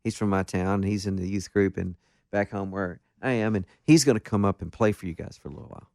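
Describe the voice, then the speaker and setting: Guest, male, deep voice, dry close sound, animated self-deprecating storyteller in a casual interview. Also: fast talker, vocal fry, dry recording. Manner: animated, self-deprecating anecdotes with many restarts. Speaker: guest musician.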